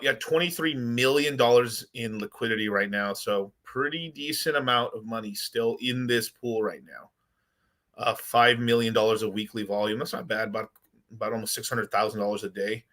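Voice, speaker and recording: Brief: bright-voiced male streamer, rambling and excitable, casual commentary. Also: medium pitch. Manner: rambling, excitable, chats with viewers. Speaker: crypto livestream host.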